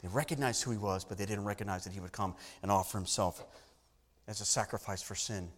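A man's voice: on the low side, fairly even intonation, fast talker, in a large hall. A man preaching a sermon to a congregation, emphatic, with repeated phrases and questions to the listeners. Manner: emphatic preaching with repetition and rising bursts. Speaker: pastor.

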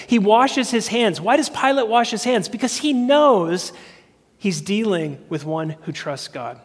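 High-voiced preacher in a reverberant hall. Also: male voice, expressive, measured pace, breathy edge. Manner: earnest, asks the congregation questions. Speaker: pastor. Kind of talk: sermon.

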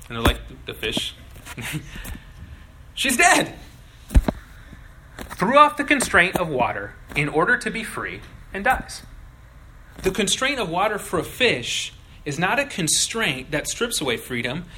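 A younger man preaching a sermon as pastor, animated and acting out little voices in his illustrations. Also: high voice, slight background noise, rough recording.

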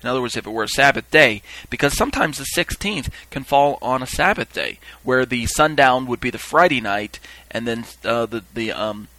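Bright-voiced man teaching a sermon. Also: mid-range voice, expressive, normal speed, no echo, rough recording. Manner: explanatory, acts out quoted call-and-response with raised voice. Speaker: Bible teacher. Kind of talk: teaching sermon reading from texts.

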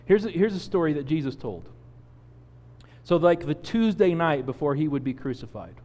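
Animated storytelling pastor, echoing hall. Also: male voice, on the high side, normal speed. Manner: animated storyteller, acts out quotes. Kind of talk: sermon with personal story.

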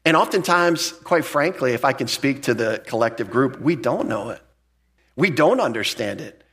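A male pastor preaching an expository sermon at an ordinary middle pitch. He talks in a relaxed, conversational way, and his voice leaps upward whenever he hammers home a point. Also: normal speed, breathy edge. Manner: conversational and emphatic, with frequent restarts; jumps up in pitch to stress key points.

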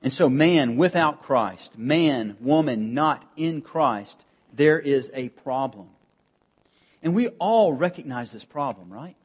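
Husky man preaching an earnest sermon. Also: mid-range voice, expressive. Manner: earnest preaching with emphatic pauses and rising emphasis. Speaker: pastor.

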